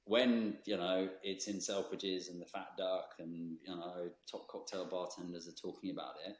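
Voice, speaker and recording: A man, a brand founder speaking as a guest in a podcast interview, thoughtful and measured with frequent ums. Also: low voice, level tone, echoey room.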